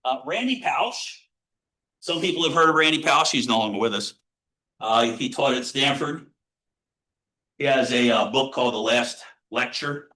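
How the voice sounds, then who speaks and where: A middle-aged American man, a positive psychology professor, giving an earnest motivational lecture to students, blunt and casual, sometimes swearing, dropping from loud to hushed. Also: mid-range voice, low-quality recording.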